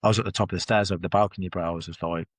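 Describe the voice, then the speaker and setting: A man recounts his past as a podcast guest, talking bluntly and swearing as the words tumble out in loose run-on phrases. His voice sits fairly low. The studio sound is dry and close, with hardly any room echo. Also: steady tone, very fast. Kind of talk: candid personal storytelling in conversation.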